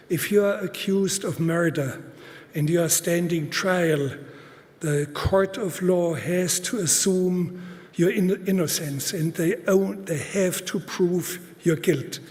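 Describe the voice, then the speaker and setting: A man gives a live conference talk in deliberate, halting speech, with fillers and restarts, stressing points by repeating words. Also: on the high side, darkish tone. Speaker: conference speaker. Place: large auditorium. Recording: long hall reverb.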